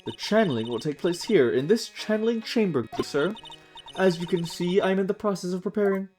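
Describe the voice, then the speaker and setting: A man's voice: sits high, a little fast, a little mellow, faint music behind, voice pushed up, lightly acted. A man voicing a stern, formal older woman spirit medium who speaks with exaggerated politeness, reading game dialogue on a stream. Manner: stiff, overly polite, formal.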